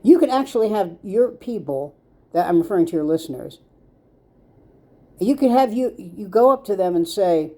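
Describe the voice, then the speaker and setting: A woman's voice: mid-range voice, expressive, normal speed, warm tone. A woman commentator ranting straight to the camera, scolding and sarcastic, speaking directly to the person she's addressing. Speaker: social media commentator.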